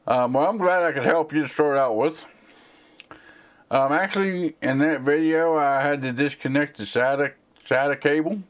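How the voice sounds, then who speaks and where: A man's voice: fairly high pitch, moderate pace. A man with a Southern American accent and a slight slur, rambling casually as he answers viewer questions on a live tech stream. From United States. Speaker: tech channel host.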